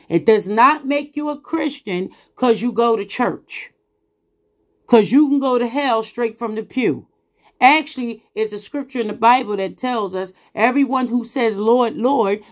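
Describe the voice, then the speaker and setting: Emphatic woman preaching with a lilt. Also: fairly high pitch. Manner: emphatic, scolding, with drawn-out exclamations and laughs. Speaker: Christian podcast host. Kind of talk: preaching monologue.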